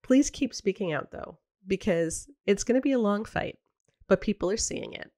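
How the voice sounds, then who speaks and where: Lively chatty woman podcast host. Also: medium pitch, normal speed, no echo, studio quality. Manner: animated, effusive, chatty. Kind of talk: casual interview chat.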